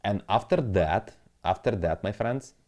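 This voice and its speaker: A man's voice: lowish voice, lively intonation, measured pace, a little mellow. A man talking casually through crypto charts as a trading analyst, rambling and muttering to himself in non-native English, with the odd swear.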